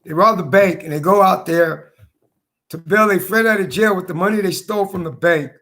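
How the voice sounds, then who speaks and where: A hoarse man telling his story in a casual monologue, repeating his points for emphasis. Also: high-pitched, fairly quick, pushed and bright. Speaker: vlogger.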